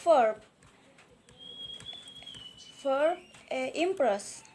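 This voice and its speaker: Slow, halting Indonesian-accented young woman. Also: sits high, animated, darkish tone, a little hiss or hum. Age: young adult. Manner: halting, frequent hesitations and restarts. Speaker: university student. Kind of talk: recorded class presentation.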